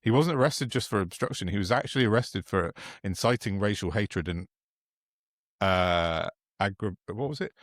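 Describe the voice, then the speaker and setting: A man's voice: lowish voice, moderate pace, no room sound. A man co-hosting a podcast, telling stories in a mocking, sweary, casual way. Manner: sweary, mocking, chatty storytelling. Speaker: podcast co-host. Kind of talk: casual political chat.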